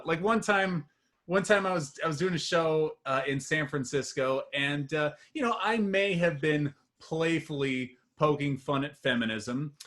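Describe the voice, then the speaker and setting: A man's voice: a little high, a bit bright. A man doing a stand-up set over a video call, rambling with restarts and chuckling at his own jokes. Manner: rambling, halting delivery with many restarts and chuckles. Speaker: stand-up comedian.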